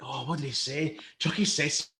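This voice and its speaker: Bright-voiced Scottish man, animated and sweary. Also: a little high, moderate pace. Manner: animated, sweary, acts out lines in silly voices. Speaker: podcast host. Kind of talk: casual livestream chat.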